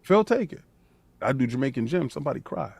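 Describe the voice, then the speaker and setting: This podcast host has a medium-pitched, slightly rough voice with vocal fry, and he talks quickly. His casual rant is emphatic and animated, full of restarts where he repeats the first words, captured in a dry recording.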